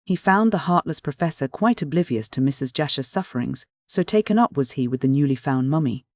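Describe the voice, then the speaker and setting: A steady audiobook narrator reads a classic mystery with an even storytelling pace. The voice sits at a middling pitch, recorded dry and close. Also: brisk, dry recording. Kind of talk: scripted narration of a classic novel.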